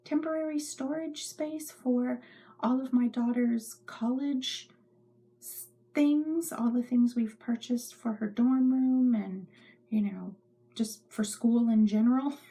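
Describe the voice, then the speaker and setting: A woman's voice: fairly high pitch, takes it slowly, mellow, husky. A middle-aged woman hosting a knitting podcast from her home craft room, rambling chattily and often dropping into whispers. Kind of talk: casual show-and-tell chat.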